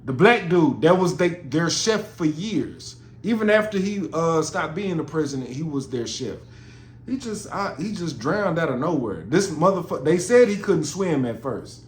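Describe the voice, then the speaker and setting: A man with a voice on the high side hosts a podcast, talking animatedly at a normal speed. His monologue is casual, rambling, and profane, captured in a roomy recording with faint noise.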